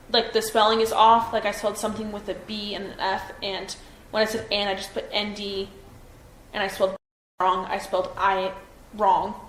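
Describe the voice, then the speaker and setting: A young woman in her twenties giving a police interview, hesitant and full of fillers and restarts. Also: mid-range voice. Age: 20s. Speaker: witness being interviewed by police. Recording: roomy room echo with faint noise.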